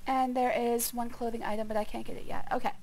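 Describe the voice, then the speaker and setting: A high-voiced woman gives relaxed commentary while she plays a game on stream. She thinks out loud, greets her chat and talks to her cats. Her delivery is loose, chatty and unscripted. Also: fast talker, a little hiss or hum. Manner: chatty, talks to herself, viewers and her pets. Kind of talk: casual gameplay commentary.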